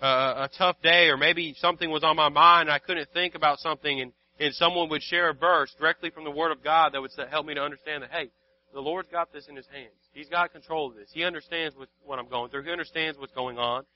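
A man's voice: a little high, fairly even intonation, fast, a little hiss or hum. A man preaching a sermon in an earnest, repetitive way, with frequent restarts and fillers. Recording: dull lo-fi sound.

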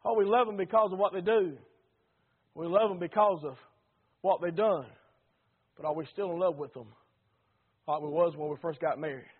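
A man's voice: sits high, normal speed, pauses often, slightly rough. A middle-aged man with a Southern US accent preaching a sermon in a church, with a folksy, repetitive cadence. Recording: tinny phone-like sound.

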